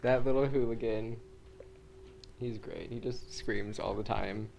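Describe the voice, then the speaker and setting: A man co-hosting a casual chat show, talking in a relaxed, rambling way full of "like" and "uh". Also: on the low side, slow pace, gravelly, poor audio. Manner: relaxed, rambling, uses "like" and "uh" a lot. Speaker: co-host. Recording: faint background noise.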